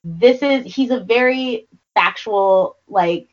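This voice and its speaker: A woman co-hosting a podcast in casual chat, relaxed and agreeable. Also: mid-range voice, takes it slowly. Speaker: podcast co-host. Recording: dull lo-fi sound.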